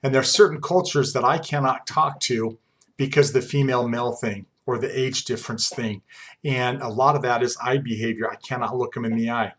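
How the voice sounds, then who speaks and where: A man in his forties, a college instructor, giving a fast, conversational lecture full of personal stories. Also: medium pitch, fairly even intonation, a bit bright. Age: 40s. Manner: fast-talking, conversational, uses personal anecdotes. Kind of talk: classroom lecture.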